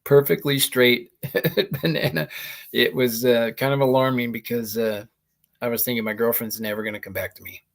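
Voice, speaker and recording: A man with a gravelly, mid-pitched voice hosts a comedy show, rambling through stand-up stories and laughing at his own punchlines. He talks into a laptop microphone. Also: steady tone, normal speed. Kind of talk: stand-up style monologue.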